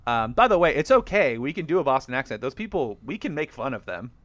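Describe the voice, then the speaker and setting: A man hosting a casual movie podcast, animated and quick to laugh. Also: mid-range voice, no echo. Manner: animated, laughs often, jokey. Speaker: podcast host.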